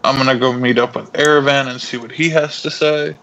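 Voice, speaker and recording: A man playing a tabletop game, speaking in a relaxed, matter-of-fact way. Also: mid-range voice, fairly quick, lo-fi sound. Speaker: player. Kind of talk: casual tabletop game chat.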